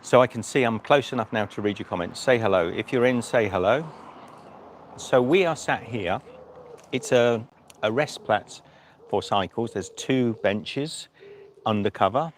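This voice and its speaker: Speaking a little slowly in a medium-pitched voice, a man who vlogs his cycle tours chats on a phone live stream at an outdoor rest stop. He holds the phone himself and jokes around casually, rambling and starting over, with a slight hiss or hum.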